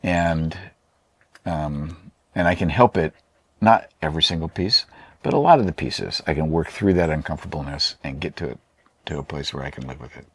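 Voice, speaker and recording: A man with a very low, slightly husky voice answers interview questions casually. He talks in a rambling, hesitant way, full of fillers and restarts. The sound is dry and close, with no room echo. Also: normal speed. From Oregon, USA. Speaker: artist and painter.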